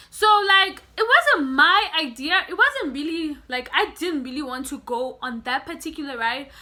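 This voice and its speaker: A woman's voice: sits high, bright, forceful tone. A young woman vlogging, telling a story casually and animatedly, often calling her viewers guys.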